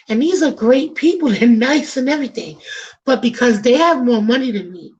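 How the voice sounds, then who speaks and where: A woman's voice: mid-range voice, muffled recording. A woman from the Bronx with a New York accent, hosting a talk show in an emphatic, sermon-like way, slangy and direct with her listeners. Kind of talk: preachy talk-show monologue.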